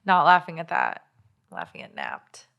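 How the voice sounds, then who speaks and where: A woman's voice: low voice, wildly swooping pitch, a little slow, gravelly, a bit bright, dull audio. A woman co-hosting a podcast, telling a personal story in casual, rambling chat full of 'like' and restarts. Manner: chatty, lots of 'like' and restarts, recounting a stalker story. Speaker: podcast co-host.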